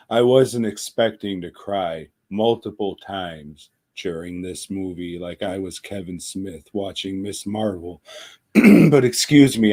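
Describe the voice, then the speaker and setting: A man co-hosting a podcast, recommending movies with profane, deadpan jokes. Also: low voice. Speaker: podcast co-host. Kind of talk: casual podcast chat.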